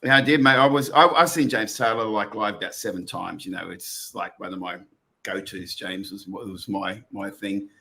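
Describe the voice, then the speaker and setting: A man's voice: on the low side, moderate pace, creaky, bright, forceful tone. A middle-aged man with an Australian accent, co-hosting a casual chat and telling long stories with many restarts. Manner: rambling storyteller with many restarts. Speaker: podcast co-host.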